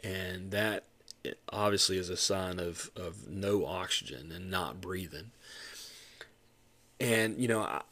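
Middle-aged man, low voice, casual rambling storyteller with restarts who livens up when quoting people. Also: slow pace, long pauses. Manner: rambling, many restarts, rises to animated retelling of quotes. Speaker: podcast host.

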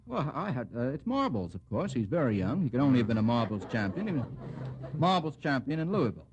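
A man's voice: medium pitch, big pitch swings, quick pace, breathy edge. A man hosting a radio quiz show, genially quizzing the panelists by name and adding wry remarks. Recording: muffled 1940s radio broadcast.

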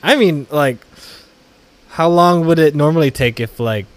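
In a clean, fairly high-pitched voice at a slightly slow pace, a man co-hosting a casual podcast jokes and laughs. He often breaks into exaggerated, put-on lines.

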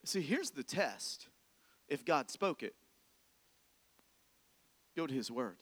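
A man's voice: fairly high pitch, sing-song, takes it slowly, long reverb tail. A man preaching a sermon as a pastor, talking to the congregation in a conversational way, full of rhetorical questions and repeated phrases.

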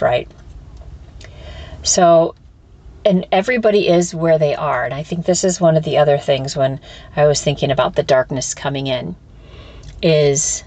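She has a deep voice with a darkish tone, and she uses it to host a solo spiritual podcast, musing openly as a teacher. Expletives come freely, and she frequently backs up to restart sentences.

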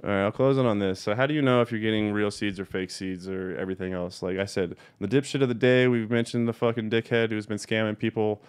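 A young man with a slightly low, smooth and clear voice rants in a casual video monologue. He talks bluntly and heatedly and swears constantly. He hammers his points home by repeating them. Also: fairly even intonation, quick pace, hardly any pauses. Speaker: cannabis breeder.

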